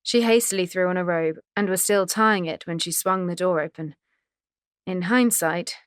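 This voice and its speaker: A woman's voice: fairly low pitch, no echo, studio quality. A woman reading a novel aloud in wry, conversational narration. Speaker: audiobook narrator. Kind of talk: scripted narration.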